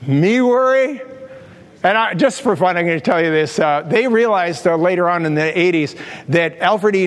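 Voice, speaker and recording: A man preaching a sermon as a pastor, telling stories animatedly and acting out quotes. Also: sits high. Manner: animated storytelling with acted quotes. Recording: reverberant hall.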